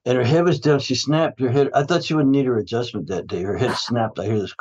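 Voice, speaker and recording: A man's voice: medium pitch, fairly quick, a little mellow, dull audio. A man who is a guest in a casual interview, telling stories about his health practice in a rambling way, often restarting his sentences and laughing.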